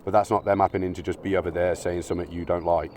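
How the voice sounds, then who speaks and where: A man's voice: deep voice, flat delivery, fast, darkish tone, a little hiss or hum. A man ranting in a blunt, sweary, argumentative monologue, now and then mocking imagined critics in silly voices. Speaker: video essayist. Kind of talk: opinionated monologue.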